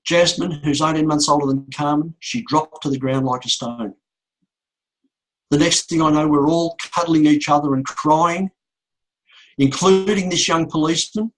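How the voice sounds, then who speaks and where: A middle-aged man speaks to an audience in a husky, somewhat raised voice. He takes his time and leans on repeated words and long pauses for emphasis. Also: a little high, poor audio. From Australia. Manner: slow, repetitive storytelling with emphatic pauses. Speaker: motivational speaker. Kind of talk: emotional speech to an audience.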